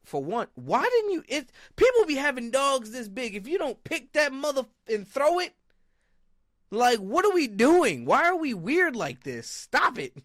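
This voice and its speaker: Animated Baltimore man in casual podcast chat. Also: moderate pace, no room sound, studio quality. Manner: animated, swearing, jumps to high excited yelps when retelling stories. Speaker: podcast co-host.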